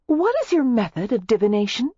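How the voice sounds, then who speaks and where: A woman's voice: fairly high pitch, a little slow, breathy edge, no echo, highs cut off, voice pushed up, full character voice. A woman voicing a playful, teasing young American heiress in an audiobook. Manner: teasing, lively.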